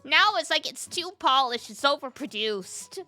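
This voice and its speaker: High, lively woman streamer chatting. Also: moderate pace, no echo, soft background music. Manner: chatty, laughs often, reads and answers chat. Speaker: game streamer. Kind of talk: casual stream chat while playing.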